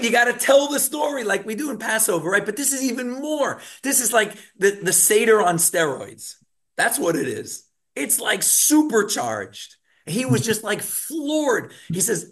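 A man teaching a Torah class over a video call, telling stories in an animated way and acting out the shouting scenes in them. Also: very high-pitched. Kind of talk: online class lecture with storytelling.

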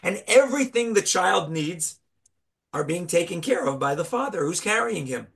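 A man giving a Torah class, telling a parable with animated storytelling and rhetorical questions. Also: high-pitched, moderate pace, vocal fry. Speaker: rabbi teaching Torah.

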